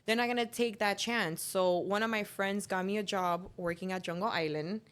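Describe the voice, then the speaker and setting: A woman's voice: medium pitch, moderate pace, clean tone. A young woman, telling stories as a guest in a casual interview and acting out the voices of people she quotes. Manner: animated storyteller, acts out quoted dialogue. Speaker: guest, professional alligator wrestler. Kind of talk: casual storytelling in a podcast interview.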